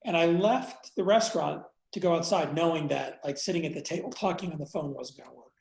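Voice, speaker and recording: A man interviewed as a guest, telling a personal story candidly with many pauses, fillers and restarts, and some blunt swearing. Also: on the high side, gravelly, a little mellow, reverberant, low-quality recording. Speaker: interview guest, entrepreneur and investor.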